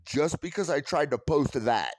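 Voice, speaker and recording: A man's voice: fairly high pitch, lively intonation, normal speed, no echo. A man delivering an angry, profane commentary rant, blunt and scornful, restarting words as he gets worked up. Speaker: online commentator.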